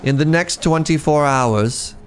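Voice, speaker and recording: A man's voice: a little high, unhurried, a little hiss or hum, lightly acted. A man voicing a grandiose male supervillain who makes theatrical, gloating threats. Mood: gloating, threatening.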